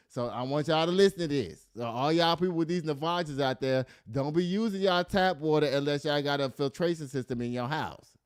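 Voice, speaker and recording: A man's voice: mid-range voice, smooth, no room sound, studio quality. A middle-aged man hosting casual news commentary, reading stories aloud and riffing with laughter. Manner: animated, laughing, reads stories aloud then riffs.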